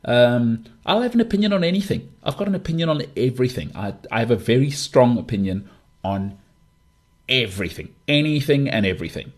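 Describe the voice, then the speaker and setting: Podcast host, male, 30s, husky and forthright, emphatic opinions. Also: mid-range voice, fairly quick. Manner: opinionated, emphatic, lively delivery. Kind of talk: casual monologue.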